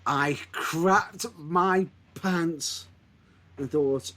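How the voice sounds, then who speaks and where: A male podcast host with a fairly high voice, chatting casually. He retells moments in an excitable, animated way. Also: moderate pace. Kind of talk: casual chat.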